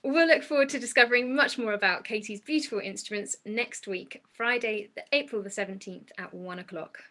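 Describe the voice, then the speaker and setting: A woman's voice: medium pitch, brisk, sharp tone. A woman hosting an online concert from home, politely announcing the next performer. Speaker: concert host. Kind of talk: scripted announcing.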